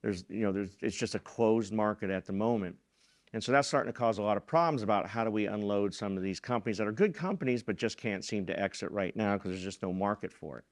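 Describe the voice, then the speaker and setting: A middle-aged man speaks from a conference stage in a somewhat low voice. He talks loosely and conversationally, with fillers and restarts as he works through his points. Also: fast talker. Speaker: keynote speaker, venture fund president. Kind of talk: conference talk.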